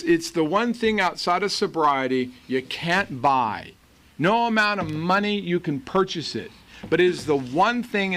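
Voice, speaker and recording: Bright-voiced man giving testimony. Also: on the high side, slight background noise. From Los Angeles. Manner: earnest, animated storytelling with quoted voices. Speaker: recovery meeting speaker. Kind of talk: personal testimony talk.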